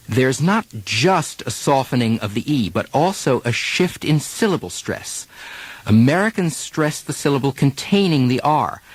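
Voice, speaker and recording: A dialect coach gives an accent lesson, carefully demonstrating vowels and stresses and asking listeners to repeat after him. His voice is mid-range, recorded with no room sound.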